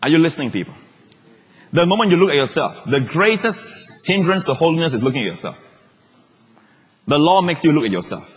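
A male pastor preaching a sermon in an emphatic way, repeating phrases and moving between shouts and quiet asides. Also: on the high side, sing-song, fairly quick, long pauses, slightly rough. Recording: long reverb of a large hall.

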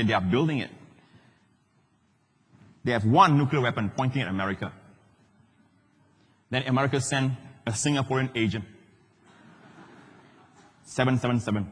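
A man's voice: medium pitch, husky. Man preaching in a reverberant church hall. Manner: animated preaching, swings between loud and hushed. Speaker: pastor. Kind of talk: sermon.

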